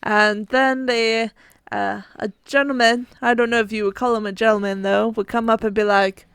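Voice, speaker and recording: Woman, storyteller, casual podcast, giggly, halting, high, dry close sound. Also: fairly even intonation, fairly bright tone, clear, resonant tone, dry recording. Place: home.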